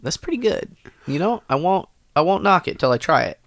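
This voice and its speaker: A man's voice: a little high, brisk, no echo, studio quality. A man co-hosting a podcast on a headset mic, telling stories animatedly in casual chat and laughing often. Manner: animated storyteller, laughs a lot. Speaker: podcast co-host.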